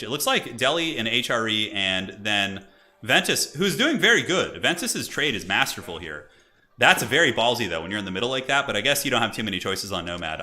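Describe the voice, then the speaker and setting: A young man streaming and chatting excitably as he commentates a multiplayer strategy game, laughing often. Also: mid-range voice.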